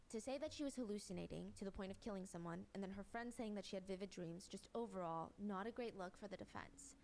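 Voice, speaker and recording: A woman's voice: on the high side, slight background noise. Woman recapping a trial, casual. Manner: conversational, explaining step by step. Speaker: true-crime commentator.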